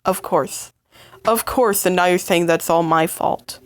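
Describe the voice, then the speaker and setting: A woman's voice: on the low side, dry recording, close to an everyday voice. A woman playing a stammering, hurt partner. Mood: bitter, angry. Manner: stammering, halting, emotional outbursts. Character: hurt, angry young partner in a fight. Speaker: voice actor in a listener role-play. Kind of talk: listener role-play audio drama.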